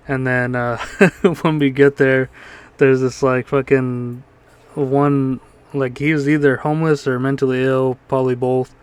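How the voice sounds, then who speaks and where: Male podcast co-host, casual rambling storyteller, smooth resonant tone. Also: medium pitch. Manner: rambling storytelling with frequent fillers and laughs.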